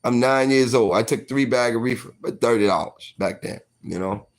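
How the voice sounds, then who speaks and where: A man's voice: medium pitch, normal speed. A man in his forties telling a personal story casually, full of fillers like "you know what I mean".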